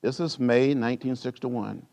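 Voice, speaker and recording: An older man from rural Alabama, giving a measured, rhythmic speech with repeated phrases, like a preacher. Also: mid-range voice, vocal fry, a little mellow. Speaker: guest speaker at a library author event. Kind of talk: oratorical storytelling speech.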